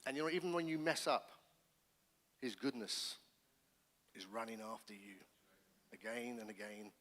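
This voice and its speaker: A middle-aged man from England, a pastor telling his personal testimony in an animated storytelling manner, with frequent restarts. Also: mid-range voice, normal speed. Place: church hall. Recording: reverberant church hall.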